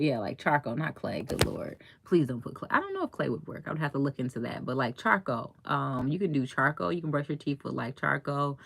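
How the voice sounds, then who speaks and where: Chatty low-voiced woman life coach. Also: fairly bright tone, no echo. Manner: chatty, laughs often, acts out quotes. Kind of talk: casual chat to a live audience.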